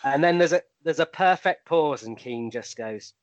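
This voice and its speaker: A man's voice: fairly high pitch, lively intonation, normal speed, no echo. A man telling anecdotes in a casual podcast chat, with plenty of ums. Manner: storytelling, full of ums.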